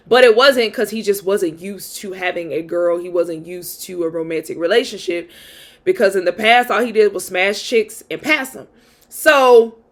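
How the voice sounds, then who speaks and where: A woman's voice: medium pitch, fairly bright tone. Chatty woman telling a storytime. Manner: candid, chatty, slangy, fillers like "like". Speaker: vlogger telling a dating story. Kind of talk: casual storytime.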